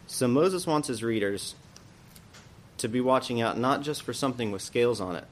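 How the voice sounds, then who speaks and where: A man's voice: mid-range voice, lively intonation, moderate pace, slight background noise. A man teaching an adult church Bible class, explaining a passage in a thoughtful way and often asking questions aloud.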